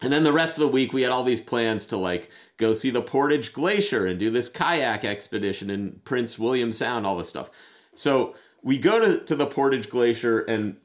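A man co-hosting a podcast, telling a rambling story in casual chat and getting loud and laughing as it goes on. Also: medium pitch, expressive, normal speed. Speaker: podcast co-host.

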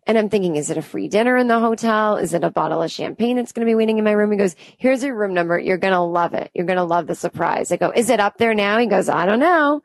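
A woman's voice: medium pitch, fast, hardly any pauses, no echo. A woman in her thirties tells a comedic story and slips into the voices of everyone in it. Her asides are chatty. The mic is close and dry, with no room sound. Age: 30s. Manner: acts out both sides of the dialogue with chatty asides.

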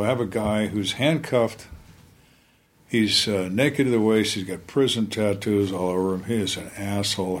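An older man, a retired homicide detective, telling interrogation stories calmly and dryly and acting out suspects' lines. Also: lowish voice. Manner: calm, dry, acts out suspects' lines. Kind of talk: storytelling in interview.

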